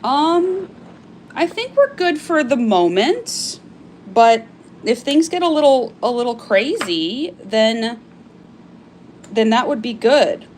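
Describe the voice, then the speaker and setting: A woman's voice: fairly high pitch, big pitch swings, slow pace, slight background noise. A woman hosting a casual live-stream sale, chatty and gushing as she shows off items, with frequent fillers. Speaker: live-stream seller of crystal carvings.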